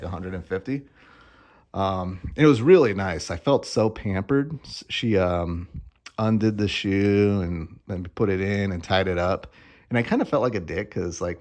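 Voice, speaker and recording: Young guy rambling on in a vlog, kinda low voice, jokey and swears a lot. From Arizona. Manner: rambling, joking, swears casually. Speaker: vlogger. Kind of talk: casual chat.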